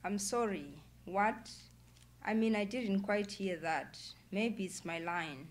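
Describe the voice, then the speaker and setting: A woman's voice: mid-range voice, slow, slight background noise, close to an everyday voice. A woman author voicing a polite, apologetic young customer service agent on the phone, read aloud from a novel.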